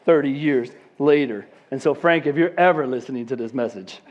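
A man's voice: medium pitch, normal speed, highs cut off. A man in his fifties telling a long story in a sermon and acting out the people in it.

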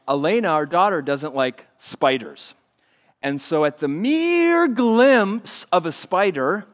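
A man preaching a sermon to his congregation, talking plainly and then building through repeated phrases to loud, emphatic peaks. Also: on the high side. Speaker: pastor. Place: church sanctuary.

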